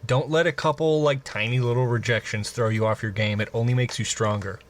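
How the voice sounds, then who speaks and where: A man co-hosting a casual podcast, with relaxed, slangy banter. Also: medium pitch, brisk. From Midwestern US. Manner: laid-back slangy banter, says bro and dude. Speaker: podcast co-host. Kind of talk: casual chat.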